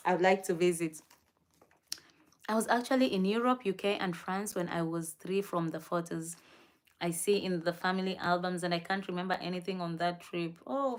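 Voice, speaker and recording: A young woman from Kenya hosts a live stream and chats in a loose, gushing way. She laughs often, and her voice sits in an ordinary middle register. She answers viewers' comments as she goes. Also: medium pitch. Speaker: livestream host. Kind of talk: casual live-stream chat.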